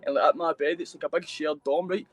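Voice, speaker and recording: A man's voice: a little high, steady tone, quick pace, no echo. A young Glaswegian man in casual chat on a video call, rambling and filling every phrase with mate and bro. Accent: Glaswegian Scottish. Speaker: guest. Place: shared hostel dorm room.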